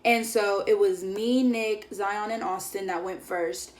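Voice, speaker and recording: A young woman recounts her day as a vlogger in a loose, chatty storytelling style, leaning on filler words and playing out what her friends said. Her voice sits at an ordinary middle pitch for a woman. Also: fairly even intonation, a little slow. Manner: chatty, filler-heavy, acts out quoted friends. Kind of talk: casual storytelling.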